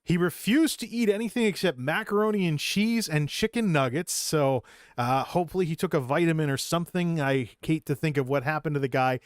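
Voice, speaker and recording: A man's voice: a little high, fairly quick, no echo. A man with a slightly raised voice recounts his past in a loose, rambling vlog monologue. He is self-deprecating and often restarts his sentences. The sound is close and dry, with no room around it. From Massachusetts. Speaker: vlogger. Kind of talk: personal storytelling monologue.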